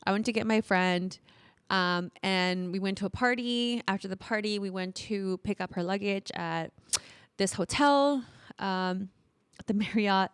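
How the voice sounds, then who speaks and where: A podcast co-host in her thirties tells a story through casual, animated chat, laughing often and acting out quotes. Her medium-pitched voice keeps a measured pace, with a clean tone and studio-quality sound free of room noise.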